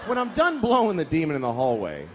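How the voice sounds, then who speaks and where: A man's voice: on the high side, wildly swooping pitch, fast talker. A man doing a profane stand-up comedy routine, acting out characters in shifting voices. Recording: live club with crowd and faint noise.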